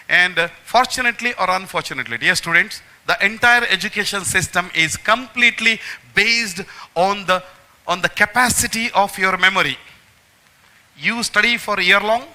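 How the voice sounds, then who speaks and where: A man lectures a room of students in an emphatic, motivational way. His voice sits fairly high and sounds very bright and forceful. He repeats phrases and speaks directly to his listeners. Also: rough recording. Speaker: magician giving a memory talk to students.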